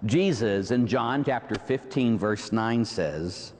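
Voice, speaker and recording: A man's voice: lowish voice, lively intonation, normal speed, hardly any pauses, warm tone, big-room sound. A man with a Pittsburgh accent preaching a Catholic sermon, full of rhetorical "huh?" and "right?" asides. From Pittsburgh, USA. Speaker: Catholic priest.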